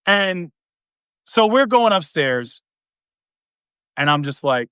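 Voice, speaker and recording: A man hosting a podcast, telling a long dating story in a casual, animated way, acting out the quotes with big swings in pitch and volume. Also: measured pace, pauses often, clear, resonant tone, no room sound, studio quality. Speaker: podcast host.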